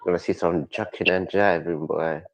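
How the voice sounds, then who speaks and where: A man's voice: sits low, steady tone, normal speed, dry recording. A man chatting on a stream, retelling stories while he keeps breaking into laughter. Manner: laughing storyteller. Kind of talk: casual reaction chat.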